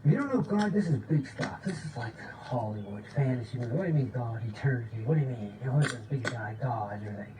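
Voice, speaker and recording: A man giving an informal, excited spiritual talk, often checking in with "okay?" and sometimes dropping to a low voice to demonstrate. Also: quick pace, hardly any pauses. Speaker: spiritual teacher. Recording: distant mic with faint background noise.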